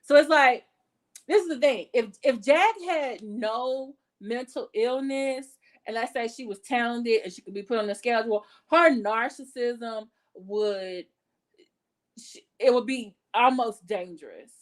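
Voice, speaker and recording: Blunt, chatty woman commentator, higher voice. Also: measured pace. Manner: blunt and profane, talks with her hands in her words; chatty, with many fillers and self-corrections. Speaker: commentary channel host. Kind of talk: casual gossip commentary.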